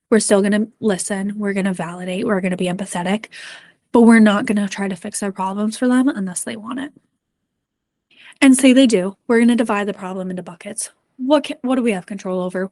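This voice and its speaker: A woman's voice: medium pitch, a little mellow, no room sound. Woman coach giving a talk, earnest and encouraging, lots of ums, pretty dry close sound. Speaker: mental performance coach. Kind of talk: presentation to parents and coaches.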